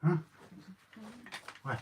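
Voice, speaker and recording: A man's voice: drawn-out words, dull audio, background noise. A man co-hosting a casual home live stream, full of jokey banter. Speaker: co-host.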